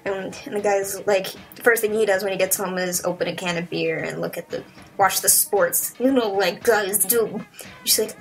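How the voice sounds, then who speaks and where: A young woman giving a casual, profane movie review, rambling and sarcastic, acting out the characters in quick voices. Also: mid-range voice, fairly even intonation, soft background music, low-quality recording.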